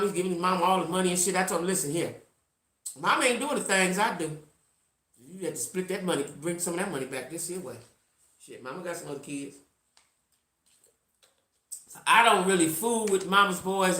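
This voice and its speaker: Blunt, lively woman vlogger around sixty. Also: on the low side, roomy sound. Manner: blunt, salty, repeats for emphasis; reacts to live chat. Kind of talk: casual storytelling to viewers.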